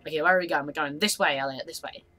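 Brash young gamer guy, sharp bright tone, shouts insults mid-play; faint noise. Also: fairly high pitch, steady tone, very fast. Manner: loud, crude, yelling insults at enemies. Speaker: gamer co-host. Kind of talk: casual gaming chat.

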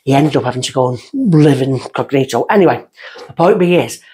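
A woman's voice: brisk, slightly rough. A woman, a guest on a podcast, telling a long personal story in a rambling way and going off on tangents. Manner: lively, jumps up in pitch when excited. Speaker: guest medium. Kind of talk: casual storytelling.

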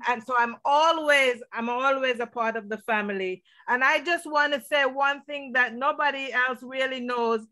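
A woman's voice: sits high, normal speed, few pauses, pushed and bright. A middle-aged woman from Montserrat giving a tribute at a memorial service over a video call, telling a family story with laughter.

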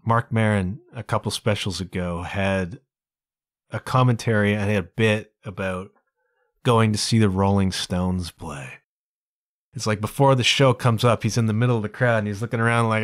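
A man's voice: lowish voice, fairly even intonation, moderate pace, no echo, studio quality. A man hosting his own podcast as a solo monologue, chatty and full of asides. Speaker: podcast host.

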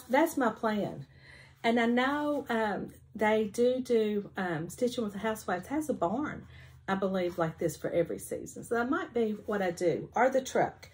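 A woman's voice: mid-range voice, a little mellow. A woman chatting casually at home about her finished cross-stitch pieces, rambling with many ums. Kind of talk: casual show-and-tell chat.

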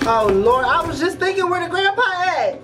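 A woman hosting a movie reaction, talking back at the screen in a loud, profane, casual way over a playing film. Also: very high-pitched, animated, moderate pace, loud music behind the voice, low-quality recording. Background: film soundtrack playing.

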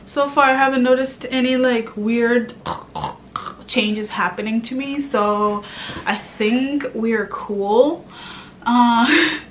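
A pregnant woman from Kenya vlogging in a chatty, animated way, now and then dropping to a hushed murmur. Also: on the high side, slow, a little hiss or hum. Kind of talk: casual chat to camera.

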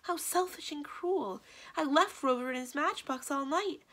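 A woman putting on a young witch from a storybook, gentle and easily upset, her breathy voice pitched up high and swinging widely. She sounds bright and a little gravelly underneath. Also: lively intonation, moderate pace, exaggerated voice. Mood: distraught. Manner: breathy, hushed, then pleading.

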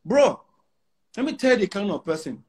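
Husky-voiced Nigerian man, emphatic and brash. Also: sits high, sing-song, moderate pace, a little mellow. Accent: Nigerian Pidgin English. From Nigeria, Igbo. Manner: emphatic, bragging, repeats lines for effect. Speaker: musician guest. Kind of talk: casual interview talk.

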